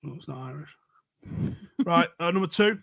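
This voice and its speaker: A man's voice: a little high, normal speed, gravelly, sharp tone, lo-fi sound. Joking, foul-mouthed male quiz host. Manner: jokey, swears freely. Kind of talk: casual live-stream banter.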